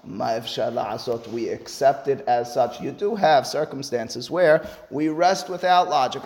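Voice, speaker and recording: A man giving a Talmud lecture, explaining earnestly and rising sharply in pitch on his emphatic points. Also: a little mellow. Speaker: Talmud teacher. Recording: long reverb, hall-like.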